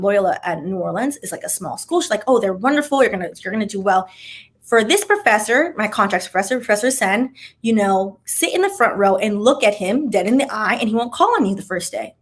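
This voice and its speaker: A young adult woman telling a story in a casual, animated vlog chat. She acts out what people said, with chatty asides. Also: medium pitch. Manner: animated, dramatic retelling with acted-out quotes; chatty asides, says "child" and "like" often. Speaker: vlogger.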